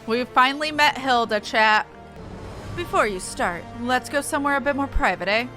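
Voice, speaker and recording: Brief: high, bright, excitable woman streamer, chatty and casual, faint game music behind. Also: brisk. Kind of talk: casual gaming stream commentary.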